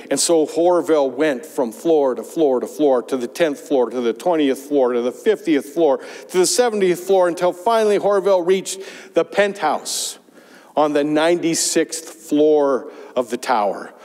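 High-voiced pastor in an echoing church. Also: male voice, normal speed. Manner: storytelling with lively emphasis. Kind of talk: sermon. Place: church sanctuary. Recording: long church reverb.

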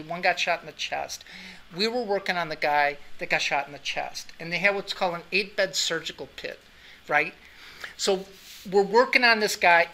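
In a classroom full of students, a middle-aged man teaching anatomy and physiology shares a story conversationally, peppering it with "right?" His voice sits high, with a bright, forceful tone.

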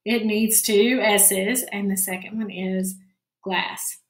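A woman's voice: medium pitch, steady tone. A woman teaching a recorded phonics lesson to children, patient and encouraging, often saying good job. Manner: slow, patient, encouraging, frequent "all right, good job". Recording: roomy, echoey classroom-style sound.

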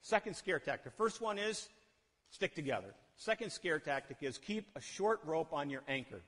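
In a church sanctuary, a male pastor preaches a lively, animated sermon, frequently asking the congregation questions and acting out the people he quotes. His voice is slightly high for a man, at a moderate pace, ringing with a long reverb through the hall.

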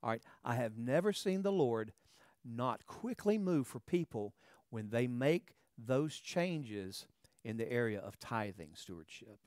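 A man's voice: medium pitch, darkish tone, dry recording, studio quality. A man preaching a sermon in a conversational way, often checking in with "all right" and "okay" and repeating words as he starts a phrase. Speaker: pastor.

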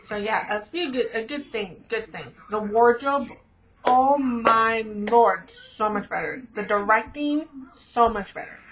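A woman's voice: fairly high pitch, measured pace, background noise. A teenage girl vlogger rambling in casual chat, gushing with lots of fillers. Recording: dull lo-fi webcam audio.

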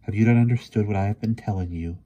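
A man reading aloud, voicing an ancient, gentle but firm sorceress spirit in a storybook. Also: on the low side, quick pace, natural voice. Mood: solemn.

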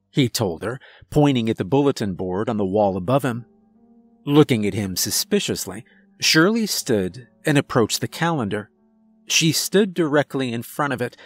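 A man narrating a scripted first-person horror story in a slow, steady storytelling manner. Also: medium pitch, dry recording.

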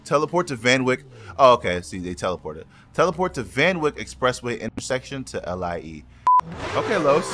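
A young man with a New York accent, casually commentating a racing game with loud, swearing outbursts and quick apologies. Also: medium pitch, sing-song. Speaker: gaming YouTuber. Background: music and car engine sounds.

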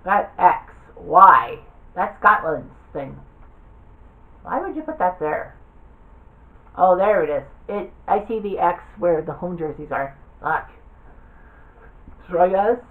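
Woman, lowish voice, offhand rambling game commentary, thinking aloud. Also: animated, takes it slowly, pauses often, a bit bright, low-quality recording. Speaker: gaming video creator. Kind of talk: casual commentary while browsing a game.

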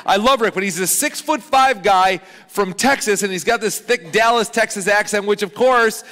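A man in his thirties preaching a sermon as pastor, chatty and joking, with lively swings in pitch and loudness. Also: moderate pace. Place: large church auditorium. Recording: long hall reverb.

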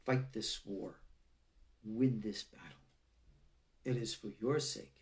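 A man's voice: fairly low pitch, slow pace, long pauses. A middle-aged man, a rabbi, giving a live-streamed lecture in an earnest, emphatic, exhorting way. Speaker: rabbi teaching an online class.

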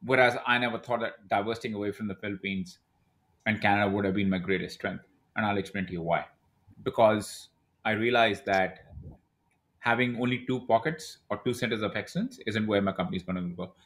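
A man's voice: lowish voice, fairly quick. A man in his thirties telling stories as a podcast guest, acting out what other people said. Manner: animated storyteller who acts out quoted dialogue. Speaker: podcast guest, e-commerce brand owner. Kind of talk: casual interview talk.

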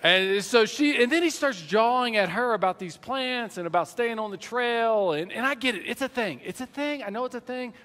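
A middle-aged man from the American South delivering a sermon from a church platform. His voice sits a little high and rings out in a long hall reverb. He tells stories animatedly and bursts into loud quoted lines. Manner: animated storytelling, acts out shouted quotes. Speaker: pastor. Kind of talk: sermon with personal story. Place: church sanctuary.

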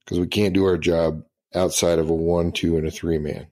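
A man's voice: sits low, flat delivery, moderate pace, warm tone. A middle-aged man, a retired senior master sergeant, telling profane, laughing anecdotes in casual storytelling.

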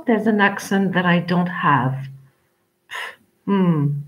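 A woman teaching an English class online, chatty and rambling, with frequent pauses as she talks to her students. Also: lowish voice, highs cut off.

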